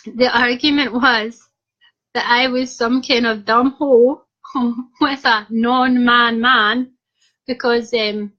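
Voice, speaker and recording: A young Scottish woman tells her viewers a cheeky story in a relaxed, casual way. Her voice sits fairly high, and she keeps breaking into giggles. The sound is dull and lo-fi. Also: slow pace. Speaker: vlogger.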